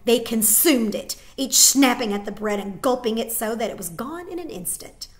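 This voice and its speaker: A woman's voice: on the high side, moderate pace. Woman teacher reading a novel aloud. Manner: expressive, with small slips.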